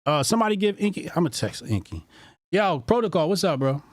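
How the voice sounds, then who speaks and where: A man hosting a call-in show, taking callers and giving shout-outs. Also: on the high side, fairly quick, no room sound, studio quality. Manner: lively, brief responses, laughs along. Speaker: host.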